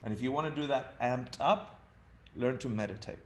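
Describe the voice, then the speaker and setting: This Argentine dharma teacher, a man in his fifties, speaks in a mid-range voice at normal speed. His talk is humorous and chatty, full of family anecdotes and frequent bursts of laughter.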